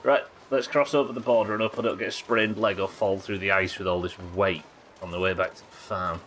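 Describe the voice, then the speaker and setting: Man, very low voice, forceful bright tone, jokey live-stream chatter, faint background hiss. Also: fairly even intonation, brisk. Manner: chatty, jokey, swears casually, teases chat. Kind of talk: casual gameplay commentary chatting with viewers.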